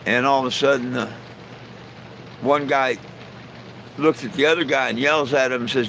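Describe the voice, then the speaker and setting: A man hosts a casual live stream and tells jokes in a folksy, rambling style. His voice sits at an ordinary middle pitch, with a faint hiss behind it. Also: fairly even intonation, normal speed, gravelly, long pauses, a bit bright, rough recording. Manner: folksy, rambling storyteller with frequent "you know". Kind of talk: casual joke telling.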